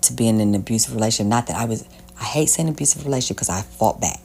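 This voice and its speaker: A woman's voice: rumbling low, very fast, gravelly, a little mellow, slight background noise. A young adult woman vlogging candidly about her own life, rambling and swearing freely as she tells her story. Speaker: self-help vlogger. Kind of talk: casual personal storytelling. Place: Southern United States.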